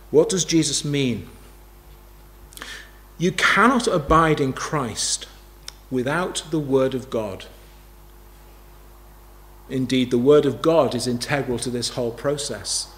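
A man's voice: a little high, a bit bright. A man preaching a sermon, emphatic, repeating key phrases and asking rhetorical questions.

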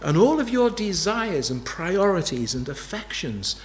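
Slow, animated male preacher. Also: sits high, slight background noise. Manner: emphatic, repeating key phrases, asking rhetorical questions. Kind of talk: sermon.

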